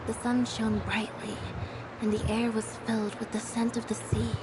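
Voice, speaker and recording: A woman voicing a quiet, withdrawn young woman in a video game, speaking softly in a subdued, wistful way. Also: on the high side, little pitch movement, moderate pace, very noisy, lightly acted.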